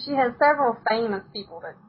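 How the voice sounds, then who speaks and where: A woman's voice: fairly high pitch, dull audio, a little hiss or hum. A woman from the United States, telling stories as a podcast guest in a casual, chatty way and laughing often. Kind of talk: casual interview chat.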